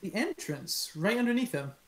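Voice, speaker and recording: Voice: mid-range voice, very animated, normal speed, fairly bright tone. A player in a casual tabletop game who talks earnestly and restarts phrases.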